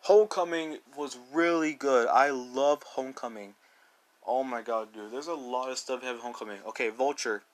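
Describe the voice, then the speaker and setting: A man's voice: medium pitch, moderate pace. A man giving a casual, rambling movie review as a YouTuber, full of "like" and "dude" and eager restarts.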